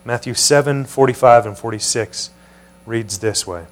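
A man's voice: mid-range voice, normal speed. Guy preaching a chatty teaching sermon, asks the room stuff, hum in the background. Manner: conversational, asks the room questions. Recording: mains hum behind voice.

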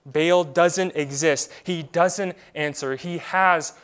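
A pastor preaching in a slightly high, smooth and resonant man's voice. He presses his points with rhetorical questions and then falls quiet to let them land. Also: fairly even intonation, takes it slowly. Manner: emphatic preaching full of rhetorical questions, with sudden drops to quiet; repeats words when starting a phrase. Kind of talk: sermon.

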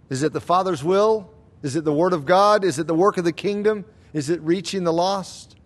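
A male preacher with a high-pitched voice gives an earnest, emphatic sermon. He pushes his voice up on key phrases and slows down to read scripture carefully. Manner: reads scripture quotes slowly and deliberately. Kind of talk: expository sermon.

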